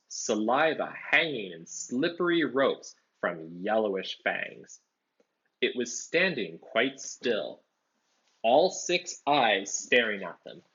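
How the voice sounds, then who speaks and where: A man reading a storybook aloud, pausing to explain words in simple terms. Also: fairly low pitch, husky. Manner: animated, explains words as he reads. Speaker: storybook reader. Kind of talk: read-aloud with explanatory commentary. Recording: dull lo-fi recording.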